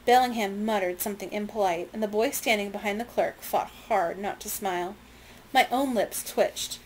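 A woman reads a novel aloud in a measured, plain storytelling voice, now and then stopping to explain. Her pitch sits in the middle range, and a faint background hiss runs under the recording. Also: a little mellow, low-quality recording. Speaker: reader. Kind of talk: reading a novel aloud with comments.

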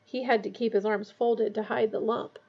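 A woman reading a novel aloud in a steady, measured way. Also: fairly high pitch, husky, muffled recording. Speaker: audiobook reader.

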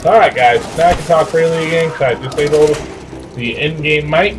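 Guy talking over his game, bit high voice, faint hiss behind, joking around with his squad. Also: fairly quick. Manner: chatty, joking, excitable during fights. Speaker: YouTuber playing online. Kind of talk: casual gameplay commentary.

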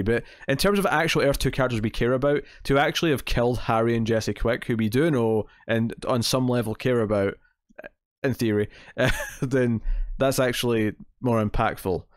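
A man's voice: mid-range voice, no room sound, studio quality. A man hosting a casual comics TV podcast, rambling and correcting himself, often laughing. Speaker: podcast host.

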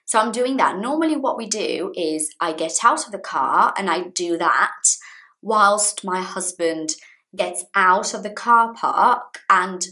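A woman's voice: mid-range voice, lively intonation, unhurried, sharp tone. A woman in her thirties telling a personal story as an English teacher, repeating key phrases for learners. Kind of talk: storytelling lesson to camera.

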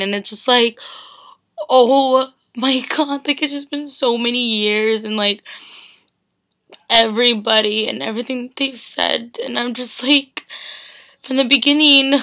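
Tearful young woman vlogging, bright voice. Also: on the high side. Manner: tearful, rambling, full of "like" fillers. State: teary, on the verge of crying. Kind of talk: emotional casual vlog.

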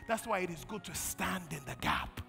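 A man preaching a sermon as pastor, calling on the congregation to answer and swinging from loud bursts to quiet storytelling. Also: sits high, huge pitch swings, normal speed, gravelly. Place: large church hall. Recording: long church hall reverb, faint music.

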